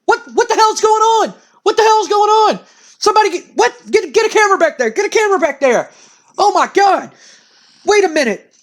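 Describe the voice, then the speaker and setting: A man narrating his wrestling sim game play-by-play, turning excitable. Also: very high voice, brisk.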